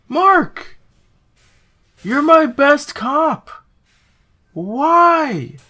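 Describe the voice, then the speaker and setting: A man voicing a distraught police chief who begs his best officer not to quit, in a shrill, melodramatic wail. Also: pushed and bright, exaggerated voice. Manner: shrill, wailing, melodramatic pleading.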